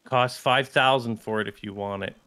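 A man's voice: mid-range voice, fairly even intonation, pushed and bright, clean tone. A man co-hosting a gaming channel, chatting casually during a zombie game and repeating short phrases. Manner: slow, laid-back, repeats short phrases. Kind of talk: casual gameplay chat.

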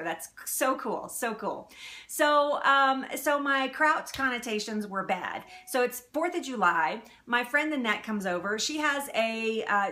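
A woman's voice: fairly high pitch, bright, forceful tone. A woman hosting a live cooking stream, chatting casually, laughing often and answering viewer comments. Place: home kitchen.

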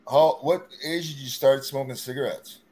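A man's voice: mid-range voice, normal speed, crowd noise. A man hosting a casual chat, laid-back and asking his guest questions. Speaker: host.

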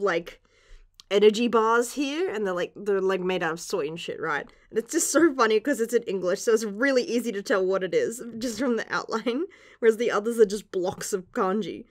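A young woman reacting casually to a manga chapter, gushing and giggling, with casual swearing. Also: medium pitch. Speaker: manga reviewer.

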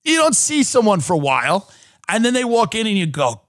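A man's voice: sits high, very animated, fairly quick, a bit bright, no echo, studio quality. A man in his thirties, a podcast host from the United States, ranting sardonically in a comedic monologue. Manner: sardonic ranting, mocking voices.

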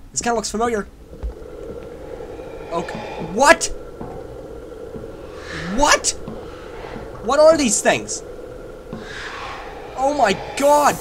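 Jumpy, joking gamer guy with a lively voice. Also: sits high. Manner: jokey, rambling, bursts into loud yelps when scared. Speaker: gamer playing a horror game. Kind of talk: let's play commentary. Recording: noisy home recording.

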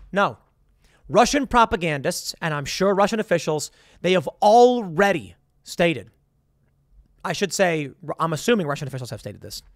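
A man talking politics with a sarcastic, animated edge. His voice sits high and swings widely in pitch. The recording is dry, with almost no room sound. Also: no echo. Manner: animated and sarcastic, reads news aloud. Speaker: political commentary host. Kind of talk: political commentary.

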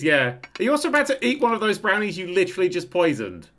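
A man talks over his gameplay with a bright, forward tone. His pitch swings widely from low mutters to high yelps. He is excitable and swears freely. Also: quick pace. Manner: excitable, swearing, bursts into laughter. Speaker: gaming channel host. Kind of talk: game commentary.

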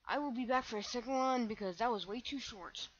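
A young woman commenting on her own gameplay, excitable and self-mocking, breaking into shrieks when panicked. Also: on the high side, a little fast, no echo, dull audio. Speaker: gaming channel host.

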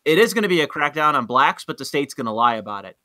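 A man's voice: a little high, lively intonation, quick pace, bright, forceful tone, dry recording. A man co-hosting a casual live stream, blunt and profane, making cutting remarks and getting heated as he talks.

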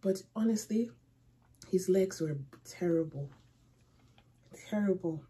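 A woman hosting a movie reaction, thinking aloud slowly and repeating herself with rhetorical questions. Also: medium pitch, expressive, dark tone, slight background noise. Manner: slow, musing and repetitive, with rhetorical questions.

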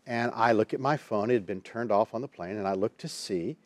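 A man's voice: fairly low pitch, a little fast, no room sound. A man, a Christian counselor and minister, tells a personal story as a guest in a TV interview, acting out the people he quotes.

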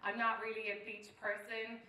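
Rambling Irish woman comedian, bright voice. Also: a little high, completely flat delivery, normal speed, roomy sound, far from the mic, slight background noise, low-quality recording. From Ireland. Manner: rambling, self-deprecating, lots of "like" and "um". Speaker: stand-up comedian. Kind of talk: stand-up storytelling with crowd work. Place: live venue with an audience.

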